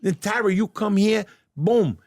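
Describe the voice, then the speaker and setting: An older man with a New York accent telling stories in a casual interview, animated and stammering over his starts. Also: high-pitched, a little slow, dry recording, clean studio sound. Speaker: guest, deli owner turned actor. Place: restaurant dining room.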